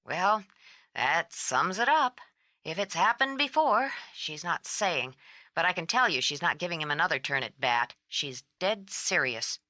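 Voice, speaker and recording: Woman reading as a strung-out sleepless woman, low voice, tight edgy tone, blunt, clipped. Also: expressive, measured pace, bright, forceful tone, dry recording, studio quality. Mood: weary. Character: exhausted sharp-tongued woman on the phone.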